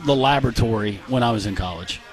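A man's voice: on the low side, fast. A man co-hosting a sports talk radio show, joking and bantering with his colleagues. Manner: animated, joking. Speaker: radio co-host.

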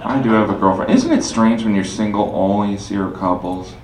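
A man's voice: on the low side, brisk. A man doing a wry, self-deprecating stand-up set on a club stage. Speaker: stand-up comedian. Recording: echoey live club recording, loud crowd noise.

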